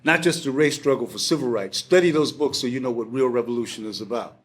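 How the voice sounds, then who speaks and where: A man quoting a calm, patient older male mentor, firm and persuasive in his questioning. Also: mid-range voice, fast, close to an everyday voice. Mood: measured.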